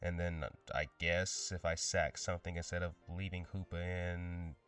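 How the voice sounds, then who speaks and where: A man's voice: sits low, flat delivery, moderate pace, a bit bright, soft background music. A young man giving blunt, slangy commentary on his own game, repeating himself a lot. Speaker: draft league player. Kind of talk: casual gameplay commentary.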